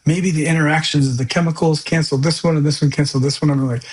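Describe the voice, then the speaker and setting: A man's voice: on the high side, fairly even intonation, quick pace, rough recording. Earnest man telling his life story. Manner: earnest and candid, loose conversational phrasing. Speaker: podcast guest. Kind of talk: personal testimony storytelling.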